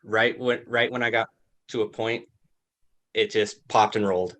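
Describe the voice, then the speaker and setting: A man's voice: lowish voice, fairly even intonation, moderate pace, fairly bright tone. A man talking as a podcast guest, telling his stories in an easygoing, self-deprecating way. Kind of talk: casual chat.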